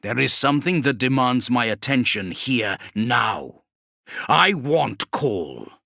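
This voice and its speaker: A man narrating as a towering demon lord from a sci-fi audiobook, measured and scornful, every word unhurried. The voice swings between low and high and has a bright edge. It is recorded dry and close. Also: big pitch swings, vocal fry, no echo, heavily acted. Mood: contemptuous. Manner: slow, deliberate, contemptuous. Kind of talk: audiobook character reading.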